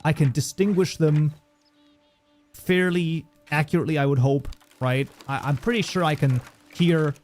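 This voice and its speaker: A streamer with a German accent chats casually on a livestream, joking around, reading viewer messages aloud and using many fillers. His voice is fairly high and a little mellow, with fairly even intonation at a normal speed, and faint music plays behind him.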